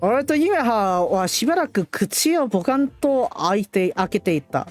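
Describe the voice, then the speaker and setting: A woman streamer reading and translating a visual novel live in a playful, animated way. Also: medium pitch, quick pace, faint music behind. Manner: playful, animated, laughs often.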